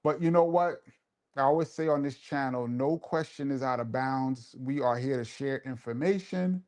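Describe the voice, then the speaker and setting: A man's voice: medium pitch, normal speed, a little mellow. A man hosting a live show and telling a laid-back, laughing story in casual street slang. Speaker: host and DJ.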